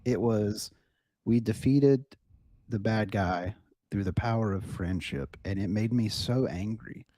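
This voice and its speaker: A man co-hosting a casual podcast, chatty and hesitant, often trailing off softly. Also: fairly low pitch, measured pace, no room sound, studio quality. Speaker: podcast co-host. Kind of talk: casual chat.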